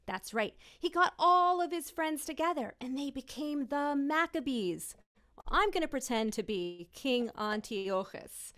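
High-voiced upbeat lady running a kids' video call show, cheering them on, guitar in the background. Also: animated, measured pace, fairly bright tone. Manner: bubbly, encouraging, calls out children by name. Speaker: children's musician and host. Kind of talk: interactive kids' sing-along over video call.

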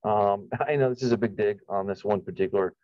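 A man's voice: lowish voice, brisk, darkish tone, no room sound, lo-fi sound. A man giving an unscripted, profane commentary rant, rambling with many restarts, repeated phrases and sarcastic, scornful asides. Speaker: YouTube commentator.

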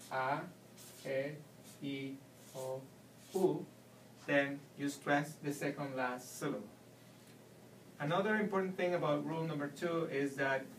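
A man giving a Spanish pronunciation lesson, slowly explaining and repeating example words. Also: a little high, slight background noise. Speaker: Spanish teacher. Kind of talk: video language lesson. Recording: echoey room, mic at a distance.

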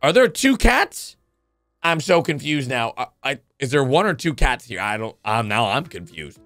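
A man giving casual, excitable commentary as he reacts to funny videos, breaking into exclamations and jumping from one thought to the next. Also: medium pitch, moderate pace, soft background music.

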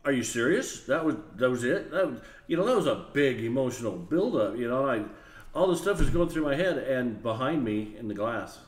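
A man's voice: medium pitch, echoey room, a little hiss or hum. Storytelling man. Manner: animated, acts out voices and laughs while telling. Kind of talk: casual storytelling.

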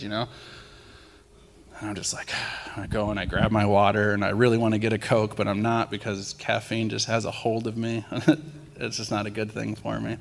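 A young man gives a casual testimony from the pulpit, acting out bits of his story as he goes. His voice sits low with a gravelly edge. The sound rings with the long reverb of a church hall. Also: a little fast. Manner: animated storytelling with acted-out quotes. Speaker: lay speaker sharing testimonies. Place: church sanctuary.

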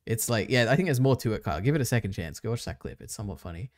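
A man's voice: on the low side, animated, rapid-fire, dry recording, clean studio sound. A man hosting a casual stream, chatting loosely, trailing off and laughing often. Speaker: streamer host.

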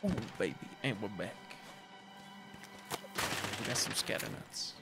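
A man streaming a game, talking to viewers in an excitable way, shrieking and swearing at surprises and cooing at cute creatures. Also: on the low side, unhurried, gravelly. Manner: coos affectionately at game creatures. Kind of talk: live gameplay commentary. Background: game music.

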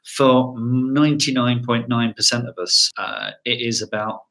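A man's voice: mid-range voice, fairly even intonation, measured pace, fairly bright tone, rough recording. A man co-hosting a live podcast show, chatty and joking as he signs off. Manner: chatty, jokey sign-off patter. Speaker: podcast co-host.

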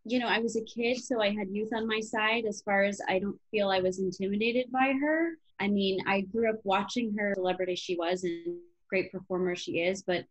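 Woman, thirties, from Chicago, interview guest, casual, filler words, average pitch. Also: steady tone, normal speed, hardly any pauses, rough recording. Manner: chatty, many fillers like "you know" and "um". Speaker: actress guest.

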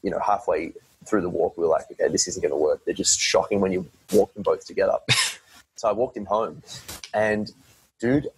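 Husky guy rambling on a podcast, lots of restarts, dry close mic. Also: sits low, moderate pace, dry recording, poor audio. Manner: rambling, self-correcting, swears casually. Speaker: podcast guest. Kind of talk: casual conversation.

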